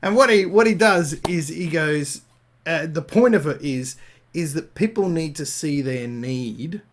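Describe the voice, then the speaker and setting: A man's voice: fairly high pitch, expressive, unhurried. An Australian man giving an improvised Christian talk, thinking aloud with frequent fillers and restarts. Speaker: Christian speaker.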